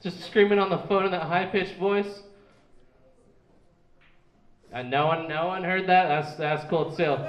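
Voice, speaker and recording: A man's voice: high-pitched, moderate pace, highs cut off. A young man doing a stand-up comedy set in a small club, rambling and restarting his words as he goes. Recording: echoey club room.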